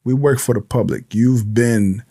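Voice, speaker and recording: A man's voice: medium pitch, unhurried, creaky, dark tone, husky. A man, a police sergeant from Honduras, talks emphatically in an interview, repeating pointed questions and acting out mock exchanges. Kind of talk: animated interview talk.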